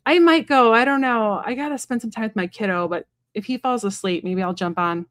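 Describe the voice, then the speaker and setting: A woman's voice: on the high side, fairly quick, no echo. Chatty woman on a dry livestream mic. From Kansas. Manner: chatty, rambling, with many fillers and asides. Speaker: tarot reader hosting a livestream. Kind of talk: casual livestream chat.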